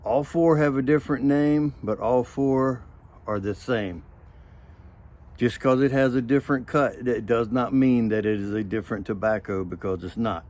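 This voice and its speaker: A man's voice: mid-range voice, moderate pace, a little mellow. A man hosting a casual pipe tobacco review video, talking in a folksy, rambling way with joking asides.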